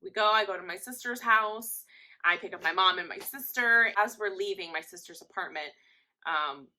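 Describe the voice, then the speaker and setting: A woman's voice: medium pitch, moderate pace. Chatty young woman telling a story. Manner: chatty, animated storytelling that acts out quotes. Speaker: vlogger. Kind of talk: casual storytime.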